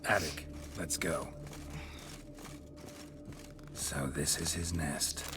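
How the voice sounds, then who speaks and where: An actor playing a terse, weary male monster hunter with a gravelly voice and clipped, laconic phrasing in a video game. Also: rumbling low, steady tone, extremely slow, background noise, full character voice. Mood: wary. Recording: game audio with loud music under it.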